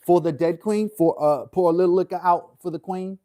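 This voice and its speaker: A man puts on a brash, cheeky rapper with a put-on British accent. He rhymes in a bouncy, mocking sing-song, pitched a little above his usual voice. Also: a little fast, warm tone, close to an everyday voice.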